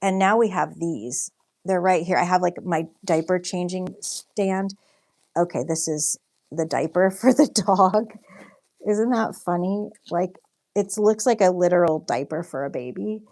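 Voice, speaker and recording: A woman's voice: fairly low pitch, unhurried, darkish tone. A young woman chatting casually on a livestream while she paints, telling a story with lots of fillers and reading out viewer comments. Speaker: livestream host and artist.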